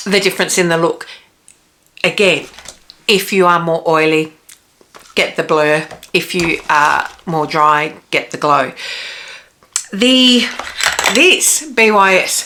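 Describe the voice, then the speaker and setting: A woman in her forties talks slowly through a casual makeup review, her voice bright and a little low. She is chatty and gives practical tips as if speaking straight to a friend. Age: 40s. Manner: chatty, practical tips given directly to viewers. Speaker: beauty vlogger.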